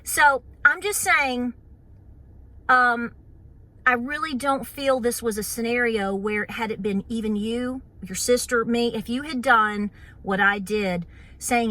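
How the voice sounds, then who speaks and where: A woman's voice: on the high side, unhurried, bright, forceful tone. A woman with an Appalachian accent, hosting her homestead channel and chatting casually to camera, full of fillers and playful mock voices.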